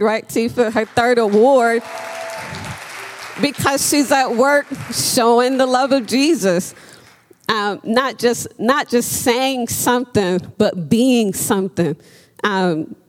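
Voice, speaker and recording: A woman's voice: on the high side, in a large hall. A woman preaching a sermon in an earnest, emphatic way, with frequent ums as she speaks.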